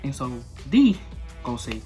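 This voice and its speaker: A man's voice: medium pitch, very animated, moderate pace, mellow, soft background music. Young guy rambling thru a storytime, slangy, voice jumps all over. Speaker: vlogger. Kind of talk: casual storytime.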